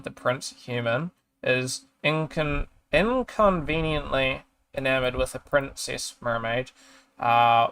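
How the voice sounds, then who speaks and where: A man's voice: mid-range voice, vocal fry, fairly bright tone. A streamer chatting casually, ranting in exasperation and swearing as he reads a review aloud and trails off mid-sentence. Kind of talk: casual chat while reading a review aloud.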